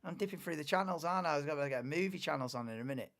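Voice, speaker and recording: A young man talks loosely through a live stream, drifting into low mutters and casual swearing. His voice sits a touch higher than most men's. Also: rapid-fire, creaky, a bit bright. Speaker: live watchalong host. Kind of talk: casual live commentary, chatting with chat.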